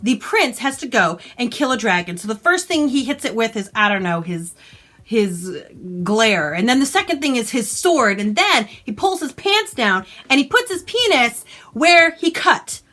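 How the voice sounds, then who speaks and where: Animated, bright-voiced woman ranting about books. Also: a little high, normal speed. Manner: exasperated, sarcastic, animated retelling. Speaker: book vlogger. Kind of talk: casual ranting book review.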